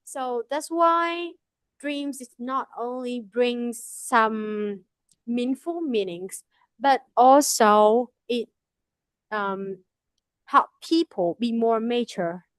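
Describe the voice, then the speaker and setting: A woman's voice: fairly high pitch, very slow, clean tone, no room sound. A woman, answering a speaking practice question hesitantly over a video call. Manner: hesitant, many fillers and restarts. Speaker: English student.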